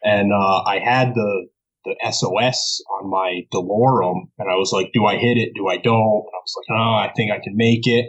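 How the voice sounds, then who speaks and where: Speaking at normal speed in a lowish voice, with the high frequencies cut off, this New Yorker is a podcast guest. He spins his story in a loose, lively way, full of laughter and uninhibited cursing.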